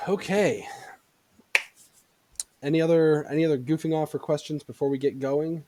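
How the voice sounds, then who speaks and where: A man's voice: on the high side, steady tone, moderate pace, background noise. A man hosting a tabletop game as game master, chatting casually and laughing easily before the session starts.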